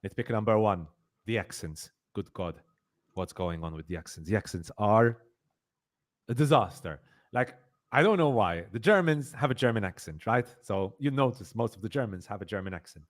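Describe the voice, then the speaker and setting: A man with a fairly low voice hosts a casual review podcast. He rambles with lots of fillers and repeated words. He slips into emphatic complaints. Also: expressive, normal speed. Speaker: podcast host.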